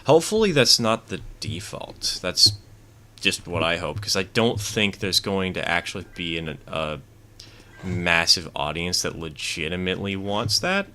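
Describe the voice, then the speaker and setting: A man's voice: sits low, expressive, a little slow, bright, forceful tone, slight background noise. A man streaming a train game, chatting casually and giving rambling, opinionated replies to chat. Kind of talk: casual gameplay commentary, reading chat.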